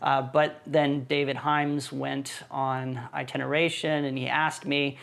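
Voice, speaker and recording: Gravelly-voiced man telling his story. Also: medium pitch, unhurried. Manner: relaxed storytelling, easygoing. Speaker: church planting team leader, missionary. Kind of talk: casual podcast conversation.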